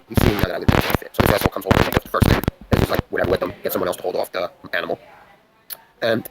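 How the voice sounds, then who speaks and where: On a very noisy livestream, a young male host from the New York area tells a long story in rapid-fire fashion. His voice is low-pitched and steady in tone, and he rambles intensely, swearing a lot.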